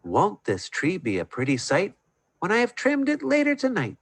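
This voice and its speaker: A man voicing a fretful young maid who frets in a high, sighing voice. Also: huge pitch swings, normal speed, dry recording, heavily acted.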